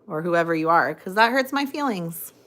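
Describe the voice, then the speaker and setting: A woman's voice: lowish voice, animated, normal speed, a bit bright. A young adult woman hosting a casual phone livestream, rambling, reading out viewer comments and cooing at her dog. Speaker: livestream host.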